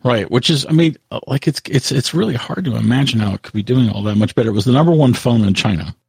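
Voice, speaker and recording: A man co-hosting a casual tech podcast, talking in a halting way with frequent restarts. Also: mid-range voice, creaky, a little mellow, breathy edge, dry recording. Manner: halting, full of restarts, reads out quotes. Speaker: podcast co-host.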